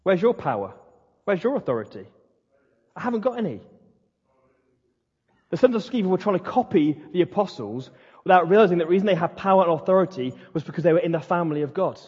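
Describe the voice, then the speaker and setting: A man preaching a passionate, emphatic sermon as pastor of his church, with dramatic pauses. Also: high voice, lively intonation, darkish tone, slightly rough. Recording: dull sound in a hall with long reverb.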